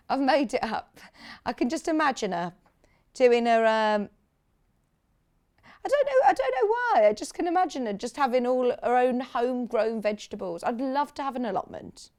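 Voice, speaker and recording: A woman's voice: on the high side, very animated, moderate pace, pauses often, darkish tone. A woman from the UK presenting sewing products on a live TV shopping channel, chatting with enthusiasm and gushing over fabrics. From United Kingdom. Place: TV studio.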